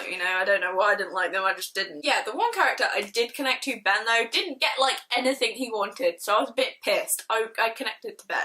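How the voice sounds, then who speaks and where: A woman talks through her latest reads in a loose, gushing, self-mocking way, full of slang. Her voice sits a little high and rings bright and forceful. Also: poor audio. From Shropshire, England. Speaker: book vlogger. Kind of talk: casual book review chat.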